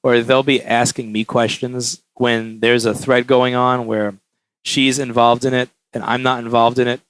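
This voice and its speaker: A man who runs a repair shop, talking casually in an animated storytelling way and acting out quotes. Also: medium pitch, no echo. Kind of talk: casual vlog monologue.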